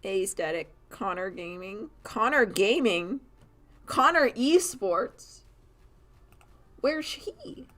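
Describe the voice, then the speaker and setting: A woman's voice: medium pitch, animated, takes it slowly, hardly any pauses, a bit bright. A woman from Canada chatting casually on a live stream while she draws, rambling and laughing at herself as she answers chat. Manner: rambling, giggly, self-mocking, talks to chat. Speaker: streamer and animator.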